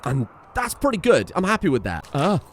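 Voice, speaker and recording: A man's voice: fairly high pitch, wildly swooping pitch, moderate pace, slight background noise. A man giving exasperated, swearing let's-play commentary on a survival game and talking to the characters on screen. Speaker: gaming video creator.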